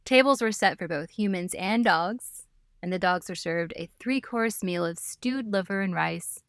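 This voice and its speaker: A woman's voice: fairly low pitch, measured pace, no echo, clean studio sound. Giggly podcast host woman. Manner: giggly storyteller, playful asides. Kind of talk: casual history chat.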